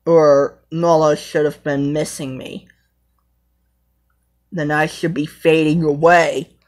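A brave young male lion played by a woman speaks in a lowish voice and drags his words out very slowly. He rambles and stops to hunt for words. It sounds like an amateur fan role-play. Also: level tone, a little mellow. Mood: earnest. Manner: rambling, hesitant, halting.

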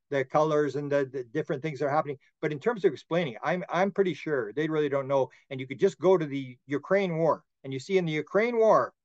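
A man's voice: fairly high pitch, no room sound. Rambling man telling stories, dull audio. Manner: rambling storyteller with frequent restarts. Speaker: podcast guest, author. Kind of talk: casual interview talk.

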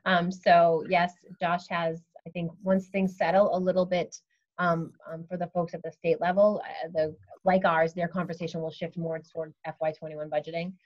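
New woman on a muffled video call, lowish voice, lots of ums. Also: level tone. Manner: measured, frequent ums. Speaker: school superintendent. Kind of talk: virtual meeting update.

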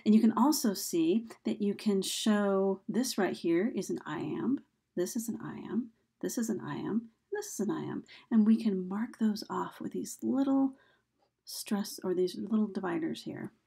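Husky, creaky-voiced woman teaching. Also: medium pitch, a little slow, mellow. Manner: casual, chatty explaining with frequent fillers. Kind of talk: recorded video lesson.

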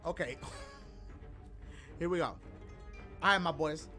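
A man's voice: a little high, slow, bright, forceful tone, soft background music. A man streaming a game, chatting casually and reading donations in loose slang with joking asides. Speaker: gaming streamer.

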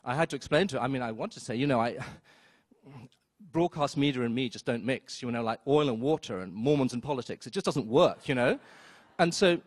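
A man telling a story on stage at a live event, wry and self-mocking, with quick asides and acted-out quotes. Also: mid-range voice, animated, no room sound, studio quality. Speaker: storyteller, film critic. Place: theater stage before an audience.

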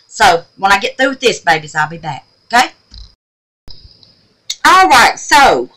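Woman, craft vlogger, bright tone, homey chatty delivery, sweet-talks the viewers. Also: mid-range voice, a little hiss or hum, rough recording. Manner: chatty, calls viewers babies and honey. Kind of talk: casual crafting tutorial. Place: home craft room.

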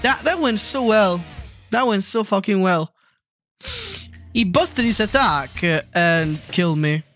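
A streamer giving live commentary over a video game, exasperated and swearing often, with sudden shouts at the screen. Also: medium pitch, lively intonation, measured pace, soft background music.

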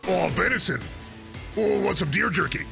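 A man putting on the voice of a gravelly old man offering deer jerky, with hammy, drawn-out exclamations. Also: sits high, expressive, over music, pitched above the performer's own voice, exaggerated voice. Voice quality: gravelly, creaky.

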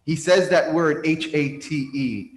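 A man's voice: fairly high pitch, a little slow. A man, a priest, telling a story as a sermon in a church sanctuary, talking conversationally with frequent restarts. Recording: roomy church reverb.

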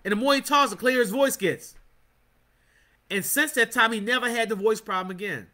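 High, bright-voiced fervent preacher man. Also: a little fast. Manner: fervent, call-and-response with amens. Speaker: Bible study teacher. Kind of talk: preaching Bible study.

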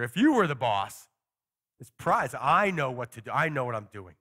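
A middle-aged male pastor preaching in an easy, conversational way. His voice sits somewhat high for a man. He slips into little acted-out quotes and dry jokes as he goes. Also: fairly bright tone. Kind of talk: sermon.

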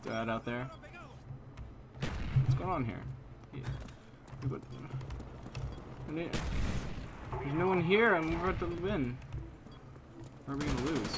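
A man giving live commentary on a shooter game, goofy and self-mocking, switching between loud exasperated outbursts and low mumbled asides. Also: animated, slow, long pauses, background noise. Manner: goofy, self-mocking, talks trash at opponents. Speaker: gameplay commentator. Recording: game gunfire clearly heard behind the voice.

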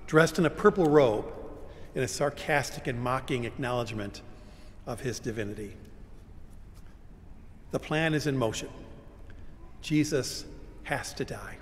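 A man's voice: medium pitch, slight background noise. Emphatic male pastor in a reverberant church. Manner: dramatic, emphatic preaching with slow deliberate phrasing. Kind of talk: sermon. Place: church sanctuary.

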